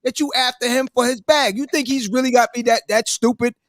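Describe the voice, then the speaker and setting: A man's voice: very high-pitched, brisk. A young man hosting a podcast, arguing animatedly in casual group chat while playing a dating-coach character. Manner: animated, argues and interrupts. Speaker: podcast host.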